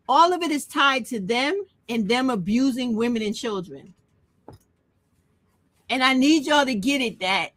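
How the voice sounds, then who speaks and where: A woman's voice: fairly high pitch, a bit bright, no room sound. A woman hosting her own channel, delivering a blunt, profane, emotional monologue. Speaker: channel host. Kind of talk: impassioned monologue rant.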